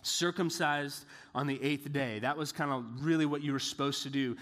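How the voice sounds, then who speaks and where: A man's voice: a little high, steady tone, moderate pace, fairly bright tone, big-room sound. A man preaching a casual Bible lesson, talking in a loose, joking way with lots of filler words. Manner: chatty, joking asides with many "like" fillers.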